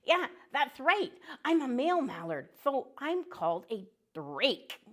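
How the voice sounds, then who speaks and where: A woman's voice: sits high, very animated, unhurried, heavily acted. A woman voicing a joke-loving male mallard duck who tells puns and quacks between lines in a children's show. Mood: jokey. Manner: punny, bursts into quacking.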